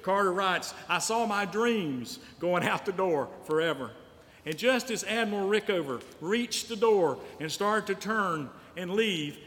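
Preacher in a reverberant church hall. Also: male voice, high voice, fairly bright tone. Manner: storytelling preacher, repeats lines for emphasis. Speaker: pastor. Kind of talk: sermon. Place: church sanctuary.

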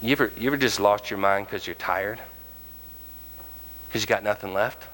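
A man preaching a sermon as pastor, animated and acting out the voices of the people in his stories. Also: on the low side, normal speed, long reverb tail, rough recording. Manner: animated, acts out quoted voices.

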